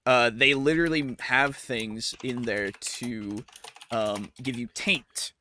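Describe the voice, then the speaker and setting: A man co-hosting a podcast in casual chat, animated and quick to laugh, leaning on fillers like "quite literally.". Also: mid-range voice, a little hiss or hum. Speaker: podcast co-host. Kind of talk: casual chat about tabletop games.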